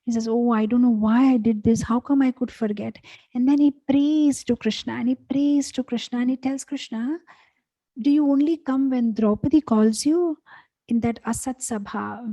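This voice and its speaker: A woman's voice: on the high side, mellow, poor audio. A woman giving a devotional talk, telling a story and acting out the voices of its characters. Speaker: temple speaker. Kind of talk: storytelling sermon.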